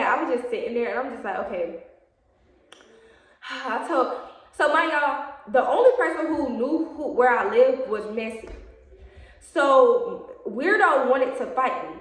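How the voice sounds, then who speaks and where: A young woman, chatting through a storytime vlog. She talks animatedly, addresses her viewers as "y'all" and acts out what people said. Her voice sounds far from the mic and bounces around a very echoey room. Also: high voice. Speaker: vlogger. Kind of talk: casual storytime.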